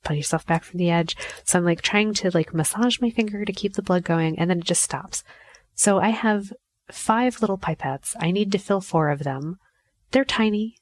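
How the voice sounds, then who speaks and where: A woman's voice: mid-range voice, normal speed, no room sound. A woman hosting a podcast, telling a personal story in a candid, self-mocking way, swearing freely and acting out her own inner voice. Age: adult mother. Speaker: podcast host. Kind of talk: casual storytelling monologue.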